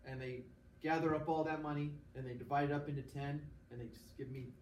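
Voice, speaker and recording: A man lecturing a class, his voice sitting a touch higher than most men's. He explains patiently, stops often to check that students follow, and acts out quick examples. He is recorded from across an echoey classroom, with a faint hiss underneath. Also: steady tone, darkish tone, distant mic. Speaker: teacher.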